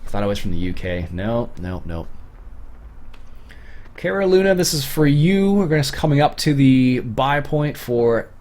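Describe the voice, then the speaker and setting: Young Canadian male streamer, loose rambling chat, lively pitch, middle register. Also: a little slow. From Ontario, Canada. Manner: rambling, chatty, many fillers and restarts. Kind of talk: casual livestream commentary.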